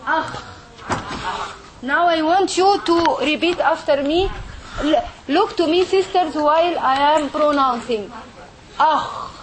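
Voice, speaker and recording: High-voiced teacher. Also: female voice, takes it slowly, long pauses, a crowd in the background. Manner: repetitive, checks understanding with frequent "okay?". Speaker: Arabic and Quran teacher. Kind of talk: classroom lesson.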